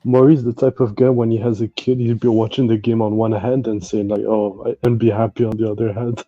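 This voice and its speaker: A man's voice: fairly low pitch, level tone, fairly quick, warm tone, no room sound. A man hosting a casual call-in show, breaking in with short questions and playful teasing. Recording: dull, slightly lo-fi sound.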